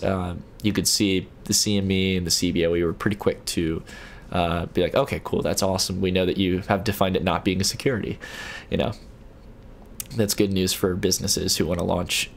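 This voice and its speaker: A man's voice: low-pitched, vocal fry, a little hiss or hum. A young man hosting a late-night livestream, reading viewer messages aloud and answering them in a casual, stop-start way. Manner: reads viewer chat aloud and answers, with frequent restarts. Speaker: livestream host.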